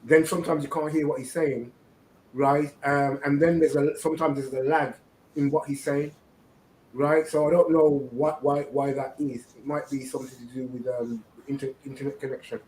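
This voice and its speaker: A man's voice: mid-range voice, level tone, moderate pace, darkish tone, slight background noise. A man hosting religious commentary, preaching and often asking "right?". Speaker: host. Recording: echoey room.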